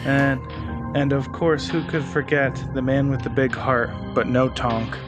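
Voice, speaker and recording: A man's voice: medium pitch, fairly even intonation, measured pace, music in the background. A man hosting a casual podcast, introducing his co-hosts with jokey nicknames. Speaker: podcast host.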